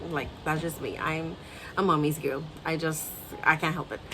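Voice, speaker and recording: Chatty Trinidadian woman, low voice. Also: moderate pace, over music. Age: 30s. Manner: chatty, animated storyteller addressing viewers. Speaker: vlogger. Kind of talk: casual storytime chat.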